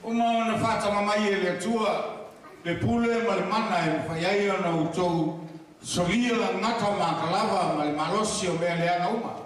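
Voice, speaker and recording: A man's voice: high-pitched, fairly quick, a little hiss or hum. A man interpreting a sermon phrase by phrase for the congregation. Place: large church hall. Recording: echoey hall, far from the mic, crowd behind.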